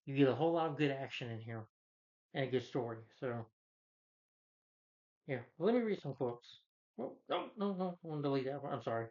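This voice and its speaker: A man's voice: mid-range voice, animated, a little fast, long pauses, a little mellow. Rambling man reviewing a movie. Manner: rambling, loose, with many fillers and restarts. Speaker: film reviewer. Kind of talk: casual spoken movie review. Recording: dull lo-fi recording.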